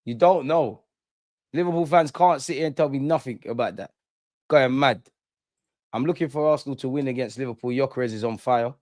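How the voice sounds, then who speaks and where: A man's voice: medium pitch, brisk, a little mellow, no echo, studio quality. A young man hosting a live fan stream, ranting heatedly and repeating lines for emphasis. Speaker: fan channel host.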